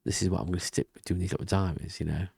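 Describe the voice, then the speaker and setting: A man speaks softly at his desk, keeping his voice down and drifting between thoughts in a casual diary vlog. His voice is deep and gravelly with a husky edge. The sound is dry and close, with no room around it. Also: very fast, dry recording. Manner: quiet, rambling, often half-whispered talk. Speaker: vlogger. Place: home room with thin walls. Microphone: desk mic and webcam.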